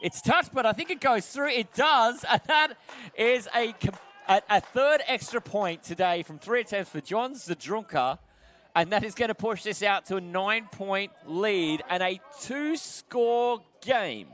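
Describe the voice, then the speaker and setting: A man with an Australian accent calls a game as an excitable play-by-play commentator, rising to shouts on big plays. His voice is high-pitched and his delivery unhurried.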